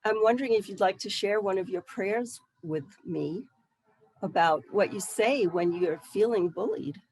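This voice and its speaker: A woman leads a workshop on listening, speaking in a calm, reflective and explanatory way. Her voice is mid-pitched and recorded dry, with no room around it. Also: moderate pace, husky, no room sound. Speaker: workshop facilitator. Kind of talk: teaching through role-play.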